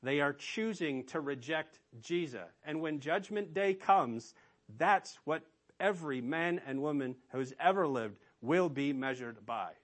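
A man's voice: a little high, lively intonation, unhurried. A man preaching a sermon as pastor, emphatic and asking rhetorical questions of his listeners.

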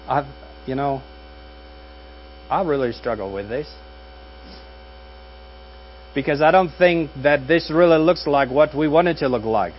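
A man's voice: fairly high pitch, lively intonation. Pastor, man, wry conversational sermon delivery, muffled take with light hum. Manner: conversational and wry, with dry jokes and pauses. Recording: dull audio with faint mains hum.

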